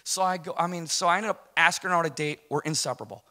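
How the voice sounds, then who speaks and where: A man's voice: fairly high pitch, fast, pushed and bright. A man in his forties giving a rambling, self-deprecating personal testimony to a congregation. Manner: rambling, self-deprecating storytelling with many restarts. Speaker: guest speaker giving testimony.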